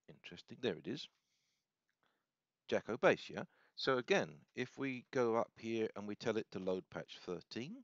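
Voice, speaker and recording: A deep-voiced man talks through a software demo off the cuff, thinking aloud and stumbling over his own corrections. The sound is dry and close, a little dull and lo-fi, like a desk mic in a small room. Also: dry recording. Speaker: hobbyist demonstrating software. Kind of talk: casual screen-recorded demo.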